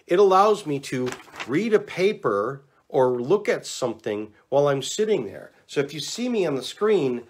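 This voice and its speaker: A man giving relaxed, chatty instructions on neck exercises, talking to the camera and demonstrating as he goes. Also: mid-range voice. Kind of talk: casual instructional talk to camera.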